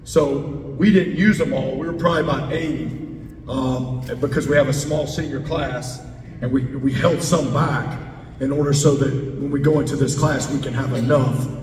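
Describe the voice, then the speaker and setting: A man with a steady, slightly mellow voice at normal speed is a head football coach speaking to a club and taking audience questions. He stresses his points emphatically through repeated key words. Picked up by a distant mic, the sound is roomy with a faint rumble in a large indoor meeting hall.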